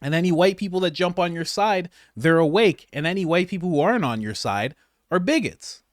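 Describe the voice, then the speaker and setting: Animated man ranting in comedy commentary. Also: high voice, brisk, dry recording, studio quality. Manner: animated, laughing, incredulous.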